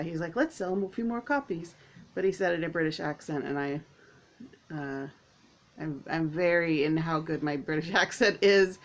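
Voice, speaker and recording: A woman vlogging to camera at home, chatting casually in a rambling, excitable way with lots of fillers. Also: on the low side. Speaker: author and vlogger.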